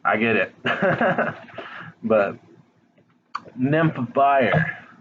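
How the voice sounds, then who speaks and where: Slow, blunt male tarot reader. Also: medium pitch, big pitch swings, dull audio, slight background noise. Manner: blunt, frank, swears casually, speaks straight to the viewer. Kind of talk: casual tarot reading to camera. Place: home, dog nearby.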